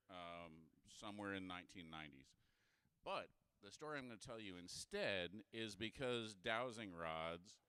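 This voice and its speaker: A man's voice: on the low side, a bit bright, smooth, dry recording. A man telling an unprepared story live, casual and offhand with joking asides. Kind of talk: improvised story told live. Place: indoor bar.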